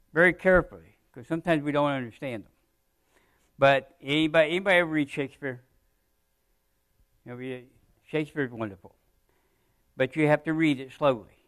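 A man with a slightly high voice delivers a church sermon. He is close to the mic with little room sound, and he explains scripture in a casual, conversational way. His voice swells on emphasized phrases and drops low at the ends of sentences. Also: smooth, dry recording. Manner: conversational preaching with asides to the congregation. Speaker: pastor. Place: church sanctuary.

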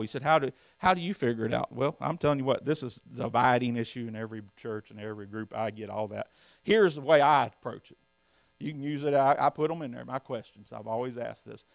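Folksy preacher, gravelly voice. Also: male voice, medium pitch, dry recording. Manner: folksy, emphatic preaching with rhetorical questions to the congregation. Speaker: pastor. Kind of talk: sermon.

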